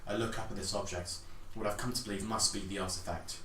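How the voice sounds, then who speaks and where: A man's voice: fairly low pitch, steady tone, quick pace, few pauses, a bit bright. A man co-hosting a podcast, reading his own story aloud and lifting his voice for its dialogue. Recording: roomy distant mic with faint noise.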